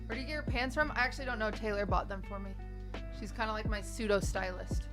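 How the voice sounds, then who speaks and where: A woman's voice: medium pitch, fairly even intonation, fast, music in the background. A woman hosting a casual livestream, chatting with her viewers and thinking aloud as she clicks through an app lesson, on a desk microphone. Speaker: livestream host.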